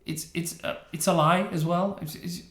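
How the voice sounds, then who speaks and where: Male reaction host, slightly high voice, mocking and opinionated, roomy sound. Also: fairly even intonation, moderate pace, a bit bright. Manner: sarcastic, scornful, laughs often. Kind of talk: opinionated game reaction commentary. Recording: roomy echo.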